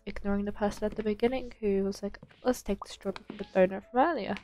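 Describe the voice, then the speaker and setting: A young woman, host of a gaming channel, offers casual, easygoing commentary while playing a bakery game, talking to herself and chattily greeting in-game customers. Her mid-range voice is mellow, fast and fairly even, with faint game music behind it.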